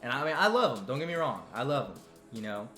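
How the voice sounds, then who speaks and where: A man's voice: medium pitch, very animated, fast, pushed and bright, roomy sound, soft background music. A man hosting a live stream, telling a comic story in a rambling, self-interrupting way and teasing his audience. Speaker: live stream talk show host. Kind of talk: comedic storytelling to a live chat.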